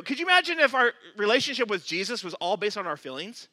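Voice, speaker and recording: Male pastor, high and very bright voice, animated storytelling sermon, dry close sound. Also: fast, few pauses, dry recording. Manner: animated storyteller, acts out quotes, laughs at himself.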